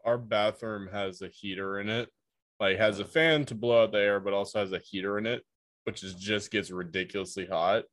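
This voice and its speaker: A man's voice: on the low side, fairly even intonation, moderate pace, fairly bright tone, no echo. A man co-hosting a podcast, talking bluntly and swearing in casual chat. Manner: blunt, profane. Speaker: podcast co-host.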